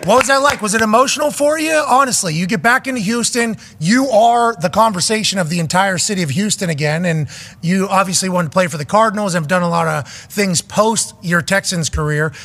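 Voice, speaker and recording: A male host of a sports talk show, joking loudly and often shouting with high energy. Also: fairly quick.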